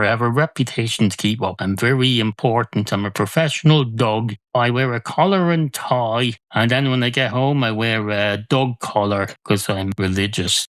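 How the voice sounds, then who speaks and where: A man's voice: mid-range voice, a bit bright, dry recording, close to an everyday voice. A man voicing a self-important male dog who drives home from the office, in a comedy monologue. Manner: self-important, then yappy and eager.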